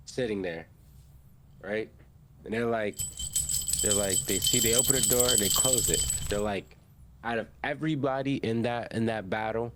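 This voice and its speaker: A young man hosting an anime podcast, recapping an episode in animated, slangy storytelling full of fillers and restarts. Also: on the low side.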